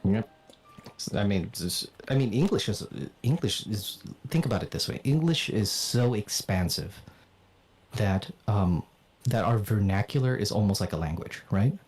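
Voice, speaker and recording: A man raised in the Philippines chatting casually on a livestream, animated, swearing and laughing often. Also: on the low side, moderate pace. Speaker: streamer and voice actor.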